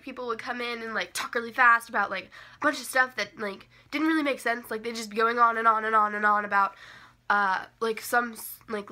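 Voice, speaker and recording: A young woman chats through a storytime vlog in a bright, slightly high voice. She leans heavily on "like" and "um" as she goes, and her pitch jumps up when she stresses a point. The delivery is loose and conversational. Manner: chatty, heavy use of "like" and "um" fillers; animated, jumps up in pitch for emphasis. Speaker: vlogger telling a story. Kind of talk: casual storytime chat.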